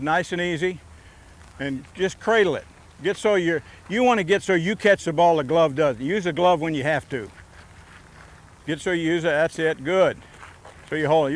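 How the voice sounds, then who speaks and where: A man coaching a youth baseball team outdoors, giving short, encouraging instructions during drills. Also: fairly high pitch.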